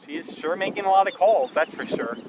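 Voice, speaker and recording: A man narrates casually as he films wildlife by a marsh. His voice sits a little high, and he muses quietly and coaxes the bird in a gentle tone. The camera mic picks up plenty of wind and outdoor noise. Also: animated, a little fast. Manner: soft-spoken, musing aloud, soothing coaxing tone toward a bird. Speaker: wildlife videographer. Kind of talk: casual narration while filming. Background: wind, birds and passing vehicles.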